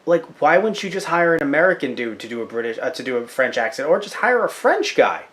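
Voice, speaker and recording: A man co-hosting a TV review podcast, chatting casually and joking around with quick shifts between thoughts. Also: fairly high pitch, sing-song, a bit bright. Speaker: podcast co-host.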